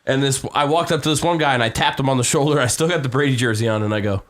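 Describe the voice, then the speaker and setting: A man's voice: medium pitch, racing. Rowdy, tipsy man telling a story. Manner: rowdy storyteller, swears a lot, acts out quotes. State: drunk. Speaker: podcast host. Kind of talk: casual podcast chat.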